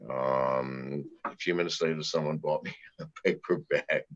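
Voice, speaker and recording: A man's voice: a bass voice, steady tone, a little slow, fairly bright tone, highs cut off. A man telling rambling, profane anecdotes with chuckles, as a guest in a casual interview. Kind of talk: storytelling in casual conversation.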